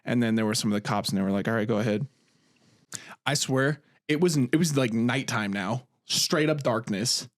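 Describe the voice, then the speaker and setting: Over clean, dry studio audio, a young man on a podcast mic tells a story as co-host, swearing freely and performing the quotes. His pitch is medium and his speed normal, and the talk is casual chat.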